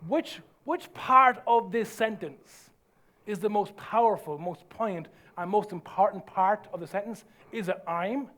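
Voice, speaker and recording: A man preaching a sermon as pastor, emphatic and earnest, dropping to soft low lines for effect. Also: a little slow.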